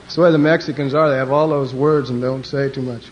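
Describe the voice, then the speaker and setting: A man's voice: mid-range voice, steady tone, fast. A man from Wyoming, a pastor, telling jokes and stories to a youth conference. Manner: joking storyteller who slips into character voices. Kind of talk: humorous speech to a youth conference. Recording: dull lo-fi archive tape with faint hiss.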